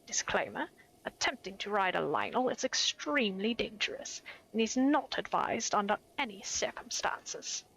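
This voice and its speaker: A woman's voice: medium pitch, lively intonation, moderate pace, vocal fry, a bit bright, slight background noise, rough recording. A woman voicing a chatty male traveler who gossips about monsters, in a mock mid-Atlantic accent with a breezy, boastful, old-movie delivery. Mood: gossipy.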